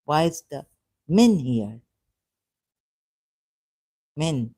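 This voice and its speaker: Woman rambling slowly on a livestream, lots of stops and restarts, dry sound. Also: low-pitched, big pitch swings, warm tone, slightly rough, dry recording. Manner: halting, self-correcting, hesitant. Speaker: live streamer. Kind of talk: thinking-aloud live stream monologue.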